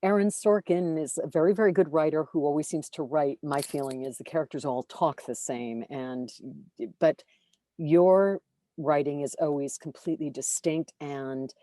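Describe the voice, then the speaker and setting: Lots of fillers and restarts mark this casual interview with a woman audiobook narrator, who's animated and self-deprecating. She speaks low-pitched at a moderate pace in a dry recording.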